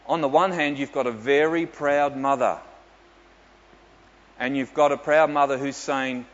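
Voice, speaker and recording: A man's voice: medium pitch, steady tone, a little slow, pauses often. A man, a pastor telling stories with dry humour in a sermon. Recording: dull echoey hall with faint ambience.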